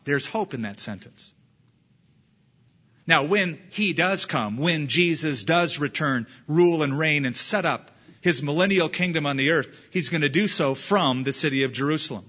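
Bright-voiced man preaching a sermon. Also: fairly high pitch, moderate pace, slightly rough, lo-fi sound. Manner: emphatic preaching, reading scripture aloud. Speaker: pastor.

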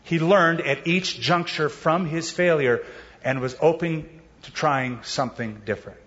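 A fairly high-voiced man preaches with lively energy, his delivery swinging between relaxed, slangy asides and sudden high, loud bursts as he acts out the people in his stories. The recording sounds somewhat dull and lo-fi. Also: unhurried. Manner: animated preaching, acting out quoted voices with big pitch jumps; casual slang mixed with scripture. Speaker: pastor. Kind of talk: sermon.

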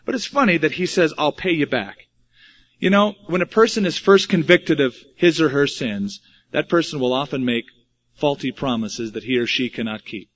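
A pastor preaching an expository sermon and reading scripture, with wry asides. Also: male voice, a little high, normal speed, a bit bright. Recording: dull lo-fi recording.

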